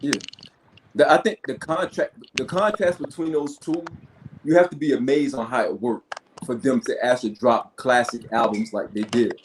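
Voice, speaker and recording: A man hosting a podcast, calm and measured as he moderates the debate. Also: mid-range voice, slight background noise, low-quality recording. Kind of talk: casual chat.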